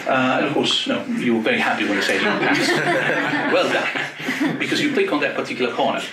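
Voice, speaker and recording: A man giving an academic talk, joking with quick asides in a lively manner. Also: medium pitch, heavy background noise. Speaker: panel speaker. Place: lecture hall. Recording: echoey lecture hall from far off.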